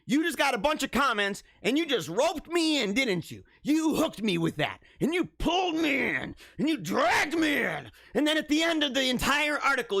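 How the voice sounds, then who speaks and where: A young man hosting a livestream, reacting to news stories with animated, mock-outraged rants and bursts of laughter. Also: very high-pitched, moderate pace, gravelly, hardly any pauses, no room sound, clean studio sound. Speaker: livestream host. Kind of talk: casual livestream commentary.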